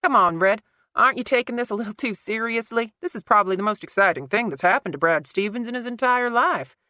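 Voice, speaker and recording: A woman's voice: mid-range voice, big pitch swings, moderate pace, fairly bright tone, dry recording, clean studio sound, voice pushed up. A woman voicing a flippant adult man who mocks and teases in an audiobook. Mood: mocking. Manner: flippant, mocking. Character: teasing sardonic adult man, card-playing friend.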